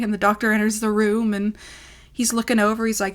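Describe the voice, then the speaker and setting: A woman's voice: mid-range voice, flat delivery, brisk. A woman telling a personal story in a vlog, in a rambling, emotional way with lots of fillers. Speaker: ASMR creator.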